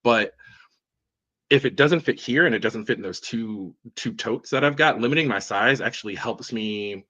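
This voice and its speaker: A man's voice: medium pitch, moderate pace, sharp tone, highs cut off. A man guesting on a casual livestream chat, upbeat and reflective, peppering his talk with "like" and "right?". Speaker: guest collector.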